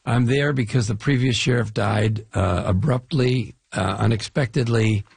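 Gravelly, husky-voiced man telling stories. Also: mid-range voice, moderate pace, no echo. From Chicago area, US Midwest. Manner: animated storyteller, lists and restarts. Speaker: actor guest. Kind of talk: casual interview talk.

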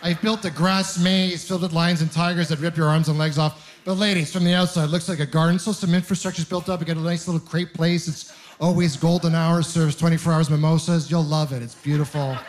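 A man's voice: a little high, flat delivery. Wry, self-mocking male stand-up comic. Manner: wry, self-mocking storytelling with rapid rhetorical questions. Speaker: stand-up comedian. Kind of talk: stand-up comedy set.

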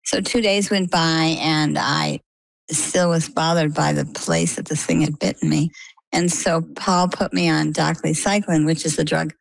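An older woman from Maine, a guest telling her own story in a chatty, lively way. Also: deep voice, measured pace, gravelly, dry recording. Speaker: interview guest. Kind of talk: casual storytelling.

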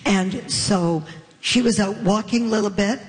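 A woman's voice: mid-range voice, a little slow, long reverb tail. A woman from Canada chatting casually on a panel, telling anecdotes and laughing as she talks. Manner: storytelling, laughs while talking. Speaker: panel guest. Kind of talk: casual chat.

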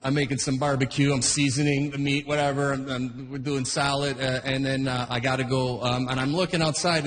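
With a voice on the high side, a middle-aged man performs stand-up in a large hall. He's a rambling storyteller, drifting through anecdotes and stopping himself mid-sentence.

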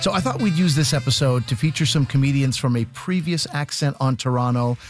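A man's voice: mid-range voice, brisk. A man hosting a radio comedy show, introducing the episode in a playful announcing style. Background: loud music bed.

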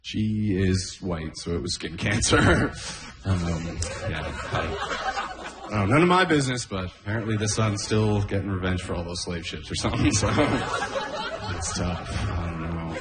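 A low-voiced man works through a stand-up set, chatty and loose, breaking into chuckles at his own lines. His voice carries the roomy sound of a comedy club. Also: unhurried, a loud crowd, very noisy. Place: comedy club stage with audience laughter.

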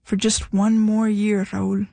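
A woman reading aloud voices a weary wife who has run out of patience, speaking flatly and firmly. Her pitch sits mid-range and the sound is dry and close. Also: slow, vocal fry, no echo. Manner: flat, firm. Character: weary, firm estranged wife.

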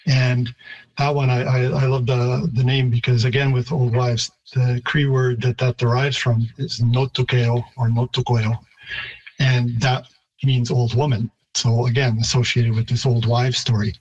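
A man, a linguistics professor, explaining word pronunciations in a radio interview, pausing and restarting as he goes. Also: medium pitch, little pitch movement, a little mellow, breathy edge, muffled recording.

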